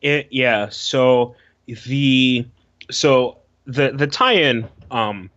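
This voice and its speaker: A man co-hosting a podcast in casual chat, halting and restarting with many fillers. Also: mid-range voice, fairly bright tone, dry recording. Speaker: podcast co-host. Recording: dull, lo-fi, dry sound.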